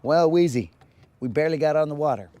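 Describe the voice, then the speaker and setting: A man's voice: fairly high pitch, fast, mellow, dry recording. A man hosting a live fishing vlog from a boat on a lake, bantering in a laid-back, joking way. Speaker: fishing show host.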